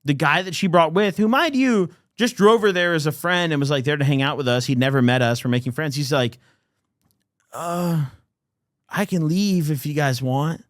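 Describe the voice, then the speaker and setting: A man's voice: a little high, fast, few pauses, no room sound, clean studio sound. A young man in his twenties, a podcast host telling a story in a casual, profane way. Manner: animated, profane, heavy use of "like".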